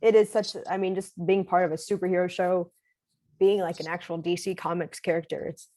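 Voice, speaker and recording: A young actress chatting in a relaxed, hesitant way as a podcast guest, using lots of fillers and laughing easily. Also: female voice, lowish voice, brisk. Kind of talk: casual interview.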